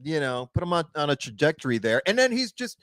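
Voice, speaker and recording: A man with a New York accent, co-hosting a casual film podcast and talking loudly, with lots of swearing. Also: on the high side, quick pace, no room sound, studio quality. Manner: loud, animated, swearing freely. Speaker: podcast co-host. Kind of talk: casual chat.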